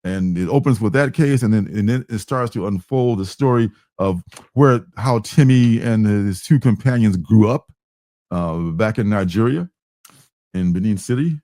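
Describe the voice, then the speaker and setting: A man's voice: lowish voice, normal speed, mellow, dry recording. A man hosting a casual comic book livestream, talking in a loose, hesitant, meandering way.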